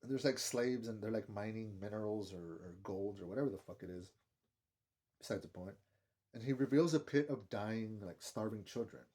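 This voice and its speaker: A man's voice: on the low side, moderate pace, mellow. A man giving a casual, rambling film review, swearing often and filling his talk with "like". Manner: rambling, profane, heavy use of "like".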